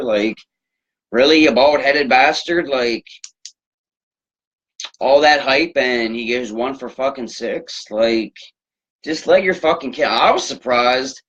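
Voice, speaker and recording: A man's voice: medium pitch, slow, long pauses, fairly bright tone, breathy edge. Profane rambling man ranting about sports. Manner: profane, rambling, loose filler-heavy ranting. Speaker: sports talk host. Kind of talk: solo sports rant. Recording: dull lo-fi recording.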